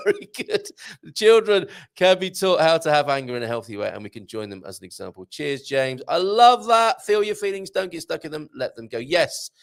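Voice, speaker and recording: A man's voice: on the high side, sing-song, a little fast, vocal fry. A middle-aged man hosting a live show, chatting and joking as he reads out viewer comments and laughing often. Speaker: show host.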